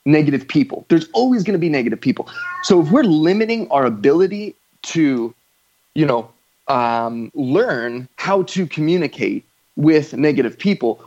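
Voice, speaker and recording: A man's voice: on the high side, darkish tone, dull audio. Earnest rambling man hosting a podcast. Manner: earnest, rambling, frequent fillers and affirmations. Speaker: podcast host. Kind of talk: casual podcast conversation.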